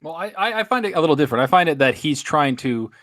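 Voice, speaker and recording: A man's voice: on the high side, fast, over a noisy crowd. A man on a casual gaming podcast panel, opinionated and ranting freely. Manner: opinionated, animated rant.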